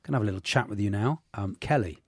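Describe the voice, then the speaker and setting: A man's voice: lowish voice, darkish tone, breathy edge, dry recording. A man hosting a radio sports quiz into a studio microphone, jokey and upbeat. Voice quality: jokey, upbeat, quick to laugh. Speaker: quiz show host.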